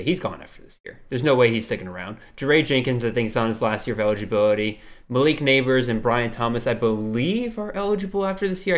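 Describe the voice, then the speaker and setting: Young man hosting a sports podcast. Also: mid-range voice. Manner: steady, explanatory, leads the discussion. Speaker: podcast host. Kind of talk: casual sports podcast chat.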